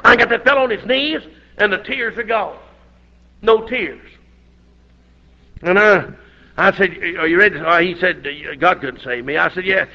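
Older preacher man telling a story, high gravelly voice, folksy and loud in bursts, dull old recording. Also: normal speed, long pauses. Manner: folksy, animated storytelling with shouted outbursts. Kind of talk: storytelling sermon.

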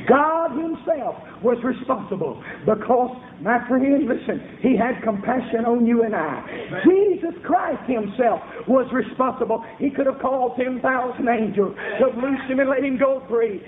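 A man preaching a revival sermon with fervent, rhythmic shouting bursts. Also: very high-pitched, lively intonation, moderate pace, hardly any pauses, crowd noise. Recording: echoey room over a tinny phone-like line.

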